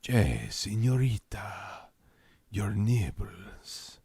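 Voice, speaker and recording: A man's voice: fairly low pitch, very animated, drawn-out words, gravelly, dark tone, slightly rough, no room sound, heavily acted. A man putting on a sleazy male seducer with an exaggerated Spanish-style accent, saucy and insinuating. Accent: put-on exaggerated Spanish-style accent.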